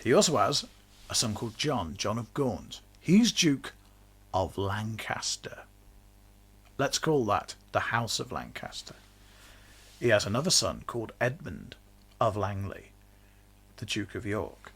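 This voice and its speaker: A man's voice: lowish voice, very animated, a little slow, pauses often, a bit bright, husky. A man, hosting a podcast and explaining history in a chatty, jokey way, laughing now and then. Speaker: podcast host.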